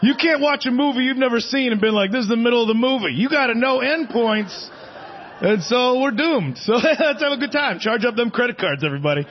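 Stand-up comic in his forties, high voice, rambling and self-mocking, dull lo-fi live theater recording. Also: expressive, fairly quick, slight background noise. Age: 40s. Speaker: stand-up comedian. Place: theater stage. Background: audience laughter.

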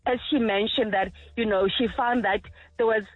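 Woman caller on a crackly phone line, husky and halting, keeps repeating herself. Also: fairly high pitch, steady tone, no room sound, soft background music. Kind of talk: phone-in call. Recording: tinny dry phone line.

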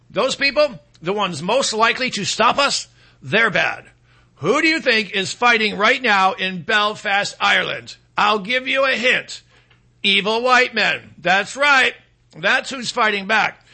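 A man's voice: high-pitched, vocal fry, pushed and bright. A male talk radio host delivering a sarcastic, rambling opinion monologue full of fillers.

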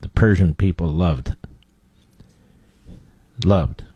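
Deep blunt talk radio man. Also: drawn-out words, warm tone, slightly rough, dry recording, highs cut off. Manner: blunt, combative, cues producer for clips. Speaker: radio talk show host. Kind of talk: opinionated talk radio monologue.

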